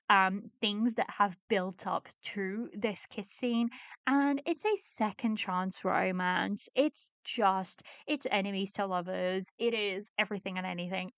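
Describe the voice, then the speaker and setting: A woman's voice: mid-range voice, a bit bright, dry recording. A woman hosting a podcast in casual chat, gushing and enthusiastic, repeating words for emphasis. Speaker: podcast host.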